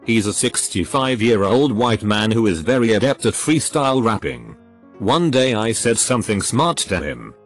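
A man reading reader-submitted stories aloud as scripted narration, saying the punctuation marks out loud in a flat delivery. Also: fairly low pitch, normal speed, faint music behind.

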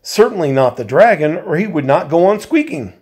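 A man voicing a commanding male dwarf leader who gives brisk orders. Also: a little high, very animated, a little mellow, husky. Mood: puzzled.

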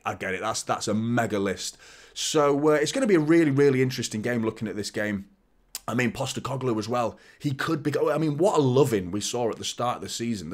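A man hosting a casual football preview monologue, rambling and opinionated, who often restarts his sentences, repeats words and laughs as he goes. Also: medium pitch. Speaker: football fan channel host.

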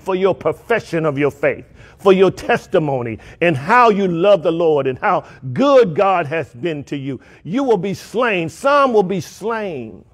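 High-voiced preaching pastor, rising cries. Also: male voice. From United States. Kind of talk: sermon. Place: church sanctuary.

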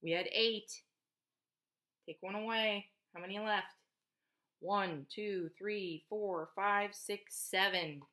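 A woman's voice: medium pitch, steady tone, takes it slowly, bright, forceful tone. A woman, a preschool teacher, reading a picture book aloud to children, counting along and asking them questions. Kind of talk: read-aloud storytelling for children.

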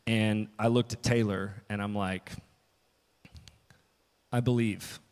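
A man's voice: fairly low pitch, little pitch movement, moderate pace, a little mellow, smooth. A man preaching a casual, story-filled sermon as pastor, often restarting and quoting himself. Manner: storytelling with restarts and quoted asides. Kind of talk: conversational sermon. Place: church hall. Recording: long reverb of a church hall.

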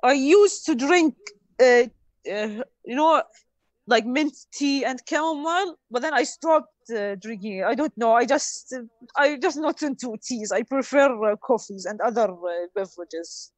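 High-voiced hesitant woman co-hosting. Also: lively intonation, dry recording. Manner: hesitant, many "uh" pauses, laughs often. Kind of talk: casual livestream chat.

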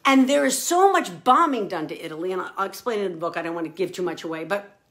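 A woman's voice: lowish voice, lively intonation, fast, fairly bright tone. A woman author chatting enthusiastically to camera about the food in her novel and showing cookbooks as she talks.

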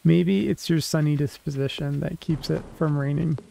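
A man's voice: on the high side, fairly even intonation, moderate pace, gravelly, mellow, a little hiss or hum, low-quality recording. A man co-hosting a gaming show, chatting casually and rambling with fillers while he plays. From Oregon, USA. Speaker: co-host and gamer. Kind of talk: casual chat while playing.

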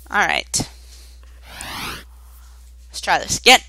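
A young woman hosting let's-play commentary, excitable and swearing at the game as she plays. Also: mid-range voice, moderate pace, low-quality recording. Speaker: gaming channel host. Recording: game music loud behind. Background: game music.

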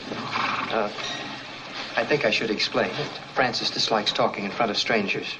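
A man's voice: on the low side, normal speed, background noise, natural voice. An actor playing a flustered, earnest young man who stammers and repeats his words nervously, in a 1950s film comedy.

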